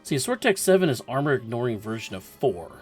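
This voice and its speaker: A man commentating a video game match in a relaxed, chatty way. He walks through the strategy step by step and laughs easily. Faint music plays underneath. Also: medium pitch, fairly quick. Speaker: esports commentator.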